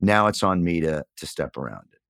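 Low-voiced, lively man in a candid interview. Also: a little fast, no echo, clean studio sound. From New York, USA. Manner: earnest, reflective storytelling with animated emphasis. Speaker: podcast guest.

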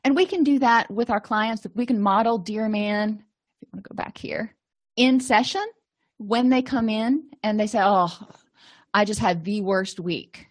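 A woman's voice: mid-range voice, fairly even intonation, unhurried. A woman teaching therapy skills to clinicians in a conversational way, often acting out short sample dialogues. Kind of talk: lecture to clinicians.

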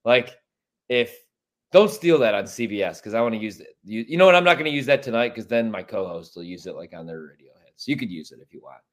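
Profane, animated sports talk man. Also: on the low side, fast. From Chicago. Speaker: sports radio host. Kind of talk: casual sports chat.

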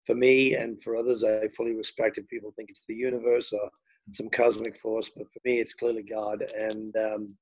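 A man's voice: on the low side, little pitch movement, normal speed, slightly rough, muffled recording. An older man from England with a Liverpool accent, telling long, rambling anecdotes with many fillers as an interview guest. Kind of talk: storytelling interview.

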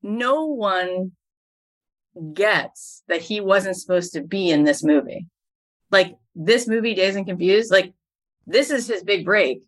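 A woman's voice: medium pitch, animated, slow pace. A middle-aged woman, a podcast host and business coach, telling stories as a guest in an interview and building each anecdote to its punchline.

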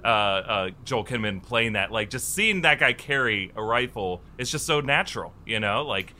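Bright, jokey male panel host. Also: lowish voice, lively intonation, normal speed, slight background noise. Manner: jokey, laughs often. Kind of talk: casual panel chat.

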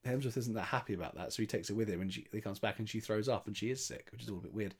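A man's voice: on the low side, racing, creaky, husky. A man chatting casually, retelling a film's plot with many restarts and quoted lines. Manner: chatty, rambling, with frequent restarts and voiced quotes. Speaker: podcast film reviewer.

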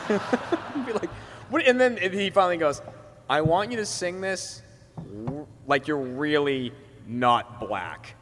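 A man's voice: on the high side, slow, pauses often, a bit bright. A man from Boston telling a laid-back story on a podcast panel, laughing along. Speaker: podcast co-host. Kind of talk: casual panel chat. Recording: reverberant hall with faint noise.

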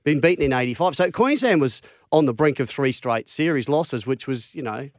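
A middle-aged Australian man, a former rugby league player, telling lively stories in casual chat and acting out the quotes. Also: a little fast, dry recording, clean studio sound. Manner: animated yarn-spinner, acts out quotes with big pitch jumps.

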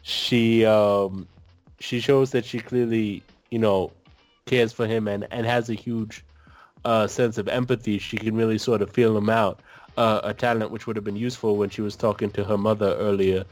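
Blunt, sarcastic low-voiced man. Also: fairly even intonation, normal speed, no echo. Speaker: podcast co-host. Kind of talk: casual chat.

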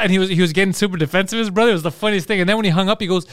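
A man's voice: high-pitched, racing, hardly any pauses, a bit bright, clear, resonant tone, no room sound, studio quality. A man on a podcast, telling a long, crude story in casual banter, laughing often and acting out the people he quotes. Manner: rambling storyteller, laughs a lot, acts out quotes in raised voices.

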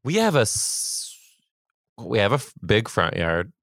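A very deep-voiced man co-hosting a podcast, with gravelly fry under a smooth, resonant tone. He chats expressively and reacts with big, animated responses, recorded close in a dry space. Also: a little slow, no echo. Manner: expressive, reacts loudly, laughs often. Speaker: podcast co-host. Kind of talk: casual chat.

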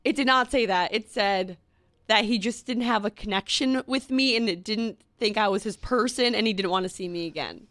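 A woman's voice: medium pitch, normal speed, fairly bright tone, no room sound, studio quality. A woman with a Long Island accent, co-hosting a podcast and telling a dating story in a casual, chatty way full of fillers. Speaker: podcast co-host. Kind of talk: casual chat.

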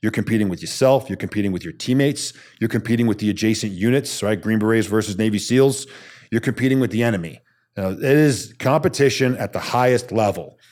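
A fairly low-pitched man in his thirties speaks fairly quickly while telling stories in a casual podcast interview. He's an Army special forces soldier whose animated, blunt, salty delivery includes acting out the quotes.

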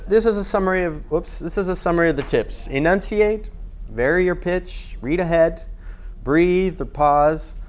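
A man teaching voiceover tips in a loose, casual talk with restarts. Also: on the high side.

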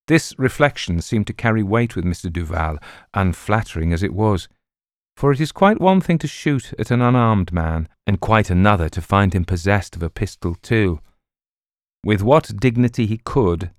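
A man narrating a classic novel as an audiobook in a measured, dramatic style. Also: lowish voice, animated, dry recording, studio quality.

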